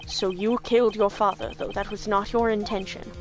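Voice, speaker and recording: A woman voicing a stern older male judge in a game read-aloud, formal and deliberate. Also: medium pitch, flat delivery, soft background music, lightly acted.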